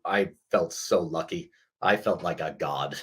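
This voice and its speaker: A man from New Mexico, a film director guest in an interview, telling stories in a lively way with many fillers. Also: sits low, a little slow, breathy edge. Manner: animated storyteller with many fillers. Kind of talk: interview conversation.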